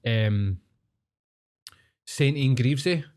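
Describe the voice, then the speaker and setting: A man's voice: mid-range voice, slow pace, a little mellow. A man with a Glaswegian accent, co-hosting a podcast and telling sweary, rambling anecdotes in casual chat. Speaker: podcast co-host.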